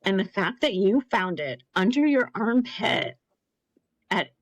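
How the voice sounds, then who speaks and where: A woman in her thirties, a cancer survivor appearing as a guest on an interview podcast, earnestly and emotionally tells her own story, acting out the voices of people she quotes. Her mid-range voice is expressive and unhurried. There's no room sound, but the audio quality is poor.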